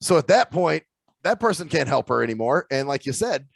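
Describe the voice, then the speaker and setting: A man's voice: fairly high pitch, very animated, a little fast, gravelly, no room sound. A man co-hosting a casual podcast, telling stories with plenty of swearing. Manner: storytelling, profane. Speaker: podcast co-host. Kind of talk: casual chat.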